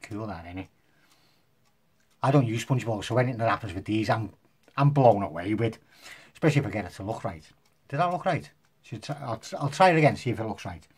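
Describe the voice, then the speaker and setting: A man's voice: fairly low pitch, lively intonation, fairly quick, long pauses, breathy edge. A man casually demonstrating magic tricks to the camera, joking and poking fun at himself as he rambles. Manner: jokey, self-mocking, rambling.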